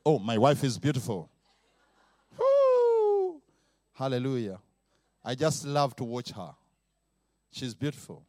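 A middle-aged man preaching a lively sermon, acting out sounds, laughing often and stretching out repeated words. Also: mid-range voice, no echo, clean studio sound. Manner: animated, mimics sounds, laughs often, drawn-out repetitions.

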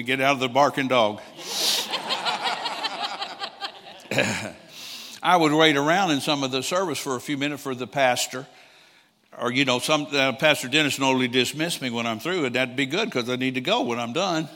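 Older male preacher in his 60s, bright voice, animated storytelling in a church with long hall reverb. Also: medium pitch. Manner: animated storyteller who acts out quoted people and chuckles often. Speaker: traveling preacher. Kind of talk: storytelling sermon.

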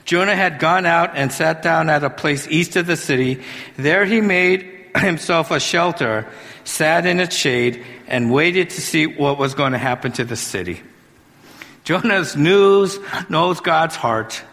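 A male pastor preaching a sermon in a conversational, animated way, with humorous asides. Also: a little high, a little slow. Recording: long hall reverb.

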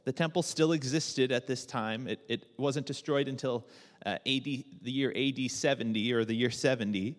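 A man preaching a sermon as pastor, relaxed and joking, with many fillers and restarts. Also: medium pitch, normal speed, long reverb tail.

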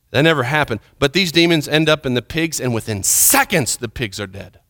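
A man preaching a sermon, retelling a scripture story with dramatic swings from urgent, loud passages to hushed, quiet ones. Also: medium pitch, animated, a little fast, few pauses, no room sound, studio quality.

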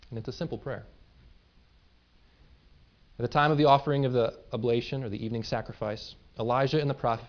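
A man preaching a sermon, moving between reading scripture and retelling it in plain, lively paraphrase. His voice sits at a middle pitch. The recording is somewhat dull and lo-fi. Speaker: pastor.

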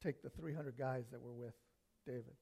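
A man preaching a sermon, telling stories with lively swings from loud to hushed. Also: medium pitch, moderate pace, creaky, husky.

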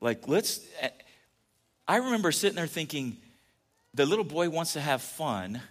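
A man's voice: on the high side, very animated, normal speed. A man preaching a casual, joking sermon, telling stories and often restarting his sentences. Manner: chatty and joking, with many restarts. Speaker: pastor.

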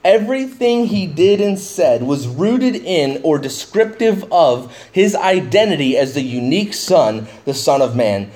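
Man, middle-aged pastor, slightly high pitch, conversational, animated when paraphrasing. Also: measured pace, few pauses. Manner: conversational, rising excitedly when paraphrasing Jesus. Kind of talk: expository sermon.

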